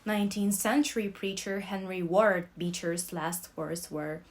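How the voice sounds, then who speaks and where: Brief: young woman, unhurried dramatic reading of a novel, mid pitch, dynamic from whispers to loud. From Russia. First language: Russian. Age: young adult. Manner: expressive, swings between loud outbursts and soft whispers. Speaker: student reader.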